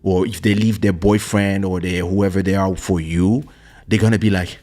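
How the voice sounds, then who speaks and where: Soft music plays behind a low-pitched man speaking at a normal speed on his podcast. The host, who is also a musician, tells a personal story casually through a studio podcast mic, lively and voicing the people he quotes.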